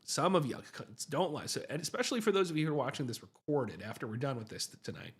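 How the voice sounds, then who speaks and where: A man's voice: mid-range voice, expressive, fast talker, slightly rough. A man, a psychiatrist hosting a livestream, telling a story in a chatty, self-mocking way and often asking "right?".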